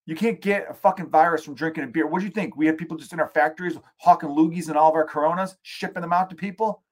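A man from the United States hosting a solo podcast, ranting in a casual, profane, animated way with sarcastic asides. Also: on the high side, fast. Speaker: podcast host.

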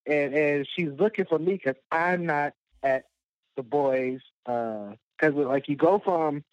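A man's voice: on the high side, a little slow, no room sound. A man telling a long, rambling personal story as a guest, full of fillers and laughing at himself. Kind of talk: casual storytelling. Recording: dull lo-fi dry sound.

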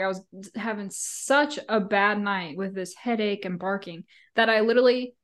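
A woman co-hosts a casual chat podcast, telling her side in a blunt, unfiltered way. She swears freely and breaks into laughs often. Her voice sits a bit high. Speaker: podcast co-host.

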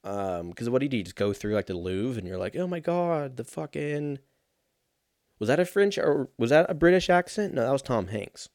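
A man's voice: mid-range voice, lively intonation, quick pace, hardly any pauses, a little mellow, no room sound, clean studio sound. A man in his thirties in casual solo commentary, rambling and sarcastic, swearing often and laughing at his own jokes. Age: 30s.

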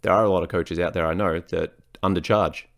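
A man with a notably low voice hosts a solo podcast as a fitness coach. He talks bluntly and swears freely. He drifts onto tangents and corrects himself mid-sentence. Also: fairly even intonation, a little fast, vocal fry, a bit bright. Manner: blunt and profane, frequent swearing; rambling, self-correcting, off on tangents.

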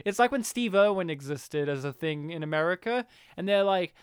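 A man's voice: high voice, lively intonation, normal speed, smooth, no room sound, studio quality. A man co-hosting a film review podcast, chatting casually, joking and swearing now and then. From Australia. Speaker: podcast co-host.

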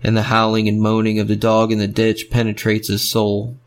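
Low, flat-voiced male storyteller. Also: a little fast. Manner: rhythmic, fragmentary phrasing. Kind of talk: storytelling narration.

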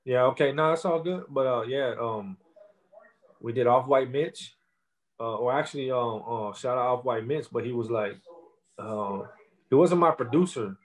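A man's voice: mid-range voice, moderate pace, low-quality recording. A young man, a rapper, telling his story in a casual interview in loose street slang full of fillers.

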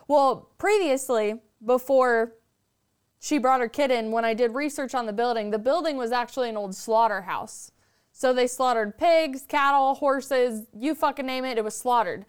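A woman telling a story as a podcast guest, animated and chatty, swearing freely. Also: sits high, moderate pace, clear, resonant tone. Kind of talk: casual storytelling.

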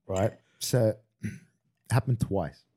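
A man's voice: mid-range voice, a little hiss or hum. A man, chatting on a casual podcast in a rambling way, restarting his sentences and swearing freely.

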